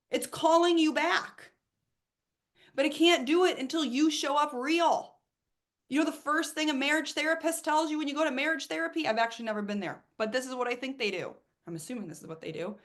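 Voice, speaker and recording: A woman coach giving an emphatic, animated motivational talk, with casual swearing and acted-out asides. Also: sits high, fast talker.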